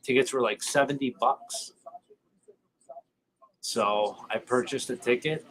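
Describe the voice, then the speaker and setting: A man at middle pitch telling a long story as a livestream guest. He rambles and restarts lines, animated as he builds his anecdote. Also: slow, rough recording. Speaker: guest fan. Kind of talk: casual storytelling.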